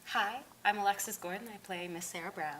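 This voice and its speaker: A woman stage actor in a casual cast Q&A, talkative and giggly, trailing into soft near-whispers. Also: medium pitch, a little fast, slight background noise, low-quality recording. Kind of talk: casual panel Q&A.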